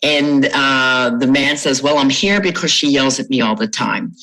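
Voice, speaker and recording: A woman's voice: extremely low pitch, normal speed, a bit bright, rough recording. Woman coach explaining steadily. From Florida. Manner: explanatory, tells client anecdotes, laughs lightly. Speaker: trauma recovery coach. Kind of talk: interview answers.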